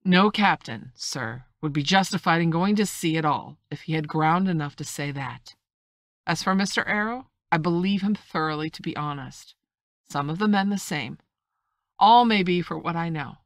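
A woman's voice: on the low side, normal speed, dry recording, close to an everyday voice. A woman reading a novel aloud, voicing a stern, blunt male ship's captain who speaks in a clipped, firm and formal way. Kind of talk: audiobook reading.

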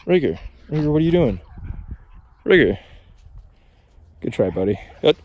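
A man vlogging in a casual, excitable way, chatting to his viewers and to his dogs, with the odd curse thrown in. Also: mid-range voice, moderate pace, pauses often, slight background noise. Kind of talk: casual vlog talk to camera.

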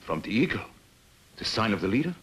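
A man's voice: on the low side, very animated, brisk, a bit bright, a little hiss or hum. An actor playing a cowed middle-aged henchman in 1950s TV drama style, hesitant and pleading. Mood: nervous.

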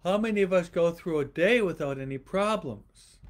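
A priest giving a homily to an online audience, slowly repeating rhetorical questions and often pausing and restarting mid-sentence. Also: male voice, high-pitched, lively intonation. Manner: slow, repetitive preaching with rhetorical questions; pauses and restarts often, speaking to online viewers. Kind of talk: livestreamed homily.

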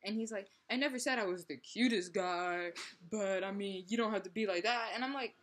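Speaking straight to her camera, a young woman vlogger tells a story and plays both sides of an argument, laughing often. Her medium-pitched, fairly bright voice has a husky, breathy edge, and her talk runs loose, casual and a little fast.

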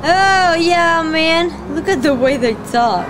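A woman's voice: very high voice, animated, slow, background noise. A woman hosting a gaming channel, giving casual reaction commentary and exclaiming and swearing at the game. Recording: game sounds under voice.

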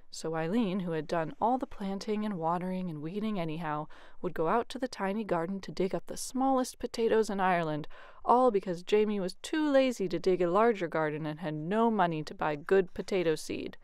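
A woman, a youth ministry coordinator, reading a bedtime story aloud with expressive, often hushed narration. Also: fairly low pitch, a little fast, clear, resonant tone, dry recording, studio quality.

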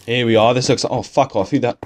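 A young English man giving casual, excitable gameplay commentary from his bedroom, swearing constantly and talking to himself. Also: medium pitch, fast, slight background noise. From England. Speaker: gaming youtuber. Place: bedroom at home.

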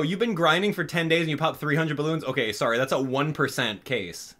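A man hosting a gaming channel, talking straight to his viewers in an exasperated, animated way during live game commentary. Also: on the high side, fairly quick, few pauses.

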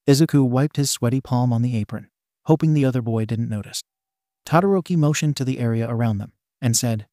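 A man's voice: medium pitch, a little fast, darkish tone, no echo. Man narrating fan fiction, dry and close. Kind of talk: scripted narration.

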